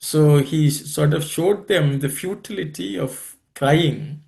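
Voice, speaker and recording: A man leading a scripture study group on a video call, explaining and telling stories in an unhurried, thoughtful way with many pauses. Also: a little high, vocal fry, dark tone.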